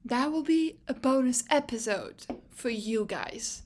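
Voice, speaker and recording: A young woman with a slightly high voice hosts a casual podcast recap. She talks in an excitable, chatty way, swears freely and keeps restarting her sentences as her thoughts race ahead. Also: unhurried. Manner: self-interrupting, restarts phrases. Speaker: podcast host.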